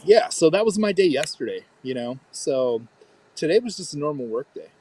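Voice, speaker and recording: A man's voice: fairly high pitch, moderate pace, slight background noise. A man in his thirties, co-hosting a podcast and telling a story in casual chat, acting out what people said. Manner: animated storyteller, acts out quotes. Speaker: podcast co-host.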